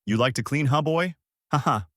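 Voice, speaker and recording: A man's voice: a little high, normal speed, a bit bright, dry recording, clean studio sound, pitched above the performer's own voice, natural voice. A man voicing a brutish, arrogant bandit leader who boasts and sneers. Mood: mocking.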